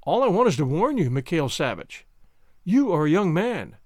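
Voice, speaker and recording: A fussy, timid schoolmaster frets and pleads in a raised, anxious voice, as a man reading the story puts him on. His voice swings widely in pitch. The recording is close and dry. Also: sing-song, moderate pace, a little mellow, no echo. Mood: fretful. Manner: fretful, pleading, higher pitch.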